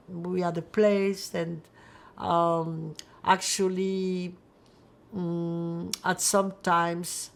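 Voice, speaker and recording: An older woman from France giving oral history testimony, reflective and halting, with many fillers as she searches for words. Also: fairly low pitch, creaky. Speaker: Holocaust survivor interviewee.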